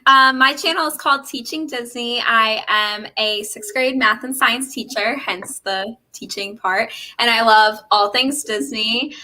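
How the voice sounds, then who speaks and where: A young woman joins a livestream as a guest and talks upbeat about her hobbies, giggling between points. Her voice is very bright and a little high. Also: low-quality recording. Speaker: guest, sixth grade teacher. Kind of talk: casual livestream chat.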